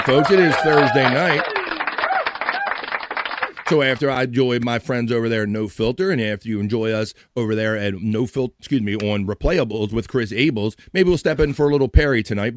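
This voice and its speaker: A man's voice: lowish voice, quick pace, hardly any pauses. A man hosting a casual live-stream chat, joking around and reading the chat aloud. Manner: joking, reads chat aloud, puts on silly voices. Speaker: host.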